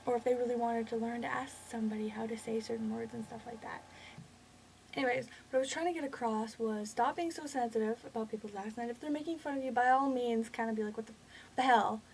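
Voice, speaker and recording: A Canadian woman talking straight to camera in a loose, rambling rant, often stopping herself mid-thought. Her voice sits a bit high, and a faint hiss of background noise runs under it. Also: quick pace, gravelly, darkish tone, poor audio. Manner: rambling, chatty, self-interrupting. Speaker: vlogger. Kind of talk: casual ranting monologue.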